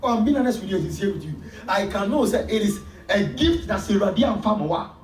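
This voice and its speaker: A man with a Ghanaian accent preaching a sermon as pastor, with sudden loud emphasis. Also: sits high, animated, quick pace, soft background music. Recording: echoey church hall from far off.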